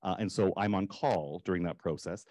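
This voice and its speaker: A man with a lowish voice speaks at a public panel about his writing. He halts often and starts sentences over, filling gaps with ums. The sound is close and dry, with no room around it. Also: darkish tone, dry recording. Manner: halting, many fillers and restarts. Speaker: librettist. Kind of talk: panel discussion.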